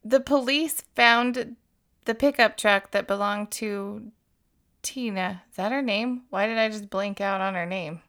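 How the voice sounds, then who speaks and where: A woman's voice: medium pitch, unhurried, a bit bright. A woman in her thirties co-hosting a casual podcast chat. She laughs often, swears freely and keeps losing her train of thought. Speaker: podcast co-host.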